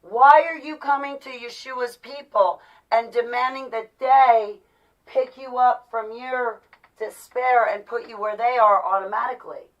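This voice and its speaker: A woman's voice: on the high side, fairly even intonation, measured pace, recorded from a distance, dull audio. A woman in her forties ranting to her viewers in an exasperated, repetitive, pleading way. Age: 40s. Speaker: vlogger. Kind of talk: heated monologue to viewers.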